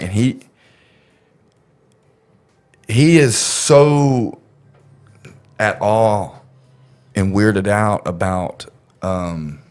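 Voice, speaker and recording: A man's voice: low voice, darkish tone. A man casually telling a story on a podcast, rambling and profane, with lots of fillers.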